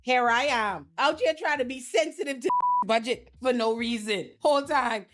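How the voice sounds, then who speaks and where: A young woman with a somewhat high voice hosts a casual commentary. She talks bluntly and with plenty of profanity, and she slips into lively impressions of the people she quotes. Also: normal speed. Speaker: pop culture commentator host.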